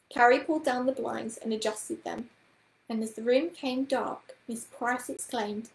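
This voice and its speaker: A woman reading a children's book aloud as a storyteller, with calm, even narration. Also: fairly high pitch, a little slow. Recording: roomy echoing room.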